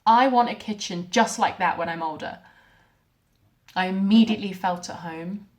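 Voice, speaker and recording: An actress playing a young wife who records a shaken video message to her mother, speaking softly and haltingly. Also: mid-range voice, lightly acted, rough recording. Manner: soft, hesitant, halting delivery with quiet dips. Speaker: actor in a short film. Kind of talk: dramatic monologue as a video message.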